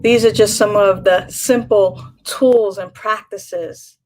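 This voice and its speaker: A woman leading a guided breathing meditation, with slow, soothing, repetitive guidance. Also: mid-range voice, steady tone, a little mellow, poor audio.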